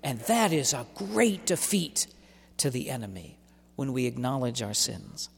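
A man giving a sermon as a preacher, speaking in an animated, emphatic way and driving his points home by repeating them. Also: mid-range voice, unhurried, creaky, long reverb tail, slight background noise.

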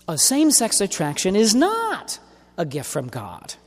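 High, lively male preacher in reverb. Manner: emphatic, deliberate, stretches key words. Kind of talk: sermon. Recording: long hall reverb.

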